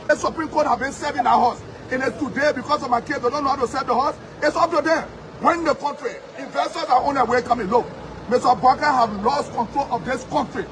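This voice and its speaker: A Liberian man and politician giving a combative, repetitive street interview outdoors. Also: very high voice. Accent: Liberian English. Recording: crowded street with sirens and noise.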